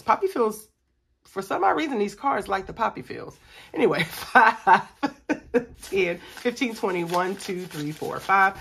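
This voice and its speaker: Chatty, bright-voiced woman vlogger. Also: mid-range voice. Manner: chatty, animated, talks to viewers as y'all, counts money aloud. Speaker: budgeting vlogger. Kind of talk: casual chat to viewers while scratching off savings.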